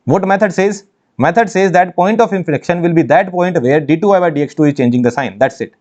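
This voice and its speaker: Here a man with a high, slightly mellow voice lectures on engineering maths online to help students prep for exams, speaking fairly quickly. He hammers points home, repeating phrases and throwing out rhetorical questions. Sound quality is dull lo-fi.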